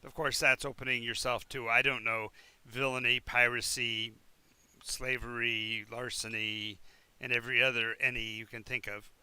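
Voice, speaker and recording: A man voicing an evasive, smooth-talking male town official who rambles with falsely cheerful fillers in a tabletop game. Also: mid-range voice, little pitch movement, normal speed, pushed and bright, no room sound.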